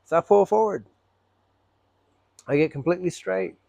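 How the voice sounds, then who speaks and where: A truck driver with a high, gravelly voice tells a story casually to the camera. He is animated and swears freely, acting out both sides of an argument. The sound is dry and close. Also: normal speed, no room sound.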